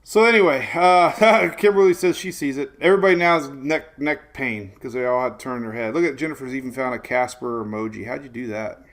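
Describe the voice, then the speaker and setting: A man's voice: mid-range voice, brisk, hardly any pauses. A man in his forties hosting a casual live weather stream, chatty and rambling, laughing often and greeting viewers by name. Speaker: weather show host.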